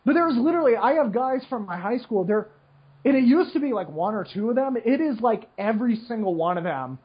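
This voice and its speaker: An extremely high-pitched, husky male voice belongs to a poker player talking a little fast and animatedly. He rambles casually with many fillers, keeps asking "right?", and mocks complainers in whiny put-on voices. The recording sounds slightly muffled and lo-fi.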